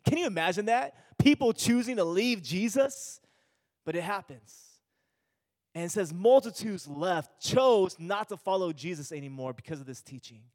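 A man's voice: sits high, darkish tone, in a large hall. A male pastor giving an earnest sermon, repeating himself and restarting phrases as he speaks.

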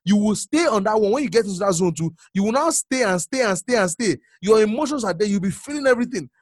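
A male preacher giving a sermon, repeating phrases and swinging from hushed murmurs to sudden loud exclamations. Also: sits high, lively intonation, quick pace, dry recording, clean studio sound.

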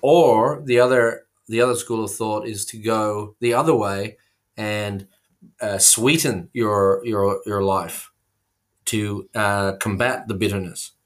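A man's voice: on the low side, slow pace. A man co-hosting a casual comedy chat, spinning absurd tangents with frequent fillers and restarts, heard over a remote call. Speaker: co-host.

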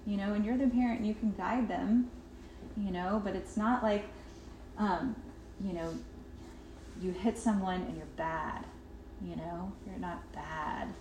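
A woman's voice: mid-range voice, steady tone, a little slow, long pauses, darkish tone. A woman giving a parenting workshop in a chatty way, with many fillers, acting out what children say. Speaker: workshop presenter. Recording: roomy echo, faint noise.

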